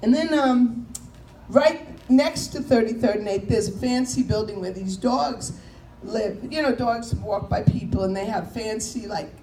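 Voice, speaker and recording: A high-pitched woman tells chatty stand-up stories, slipping into impressions of people and subway announcers. She is recorded in an echoey room, with a faint hiss underneath. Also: measured pace, warm tone. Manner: chatty, storytelling, mimics voices and announcements. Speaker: comedian. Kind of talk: stand-up comedy set.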